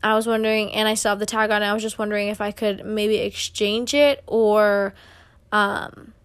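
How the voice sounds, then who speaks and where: A young woman tells a story on her solo podcast, chatty and full of fillers, acting out the quoted exchanges. Her mid-range voice is smooth and flat in delivery, at a moderate pace.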